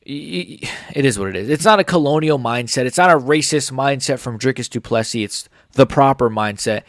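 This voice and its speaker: A man's voice: medium pitch, fairly quick, no echo, clean studio sound. A man hosting a casual MMA commentary channel, blunt and opinionated, swearing as he reacts to clips and comments. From United States.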